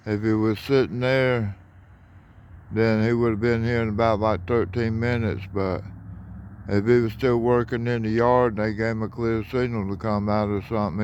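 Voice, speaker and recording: A man, talking casually in a flat, monotone way while filming trains outdoors on a phone. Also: on the low side, muffled recording, a little hiss or hum. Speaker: railfan vlogger. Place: outdoors by railroad tracks at dusk.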